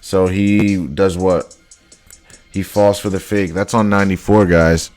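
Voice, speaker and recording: A man breaking down football highlights in casual commentary, blunt and exasperated, repeating his points. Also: fairly even intonation, a little slow, a little mellow, soft background music. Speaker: football film analyst.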